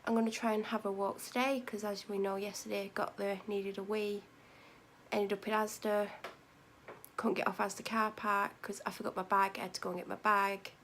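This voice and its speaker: Tired, gravelly-voiced woman vlogging. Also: mid-range voice, level tone, normal speed, fairly bright tone, a little hiss or hum. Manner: meandering, self-correcting, drops to near-whispers at times. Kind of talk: casual rambling vlog chat.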